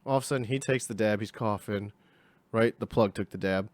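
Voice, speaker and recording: A man's voice: lowish voice, a little fast, dry recording. A young man telling a casual story, rambling and slangy, acting out the people in it. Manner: rambling, slangy, acts out voices.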